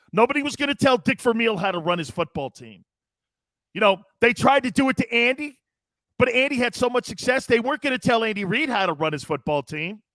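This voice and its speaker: Animated high-voiced sports talk host. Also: male voice, dry recording, clean studio sound. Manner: animated, joking, often laughing. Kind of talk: casual sports radio talk.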